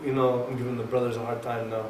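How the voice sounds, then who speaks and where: A man giving a conversational sermon at a mosque, lecturing in an emphatic, animated way. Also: medium pitch, quick pace. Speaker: mosque speaker. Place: mosque hall. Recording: echoey hall, mic far off, faint hiss.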